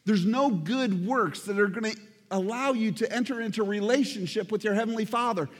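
A man's voice: sits high, a little fast, long reverb tail. A man preaching a sermon as pastor, earnest and addressing the congregation directly, repeating words for emphasis. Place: church sanctuary.

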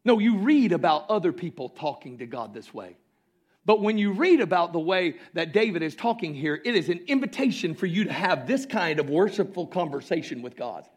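Impassioned high-voiced male preacher. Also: sing-song, fairly quick. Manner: impassioned preaching, swinging from loud exclamations to hushed lines. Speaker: pastor. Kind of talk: sermon. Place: church sanctuary.

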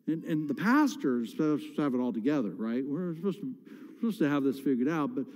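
Candid pastor preaching in a reverberant hall. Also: male voice, fairly high pitch, very animated, a little fast, darkish tone. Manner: candid, emotional, many restarts. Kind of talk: sermon. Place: church sanctuary.

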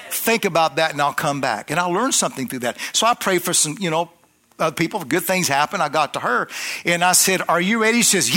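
High, bright-voiced preacher telling a story. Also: male voice, very animated, a little fast. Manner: rambling, conversational, with many restarts and asides to the congregation. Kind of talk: storytelling sermon.

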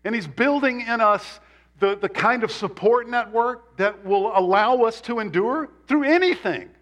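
A male pastor preaching a sermon in a church, animated and emphatic, with sudden jumps up in pitch on key words. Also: a little slow. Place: church sanctuary.

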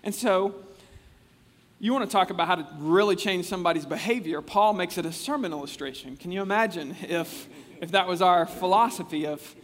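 A man preaching a casual, conversational sermon, animated and chatty, often restarting his sentences. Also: sits high, brisk. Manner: animated, chatty, acts out quotes with frequent restarts. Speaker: pastor. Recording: long reverb of a large hall.

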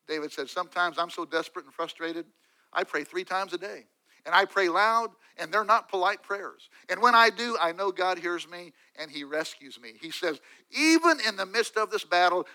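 Bright, emphatic male preacher. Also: high voice, smooth, poor audio. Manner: emphatic preaching with sudden drops to quiet asides. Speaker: pastor. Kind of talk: sermon.

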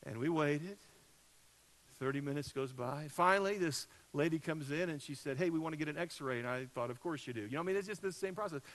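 A man preaching a sermon, telling a personal story in a conversational way, with loud peaks and soft drops. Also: fairly high pitch, a little fast, rough recording. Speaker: pastor.

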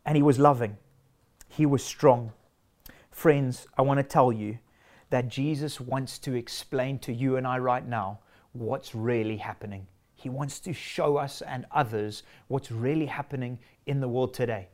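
A man's voice: mid-range voice, measured pace, darkish tone. A man preaching a sermon in an earnest, emphatic way, stacking short declarations.

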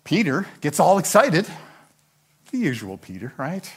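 Older male preacher, animated storyteller, lively swings in pitch, fairly high voice. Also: a little slow, husky. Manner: animated storyteller who acts out the characters' lines. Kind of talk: sermon, Bible teaching.

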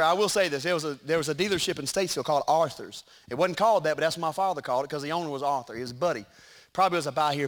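Pastor guy preaching, high voice, gets shouty then jokey. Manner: animated preaching, shouting peaks, joking asides. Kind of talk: sermon. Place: church sanctuary.

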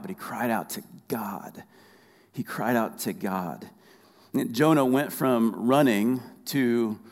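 A man's voice: mid-range voice, a little mellow, in a large hall. A man preaching a sermon, asking his listeners to finish his sentences and often repeating key phrases. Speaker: pastor.

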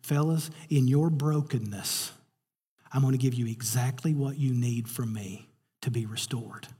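A man voicing a gentle, patient grown male teacher in a sermon retelling. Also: medium pitch, a little slow, slightly rough, big-room sound, voice pushed down.

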